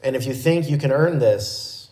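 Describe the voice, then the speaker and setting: A man's voice: mid-range voice, moderate pace, darkish tone. A man preaching a sermon, explaining a passage in a teaching way and often correcting himself mid-sentence. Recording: echoey room.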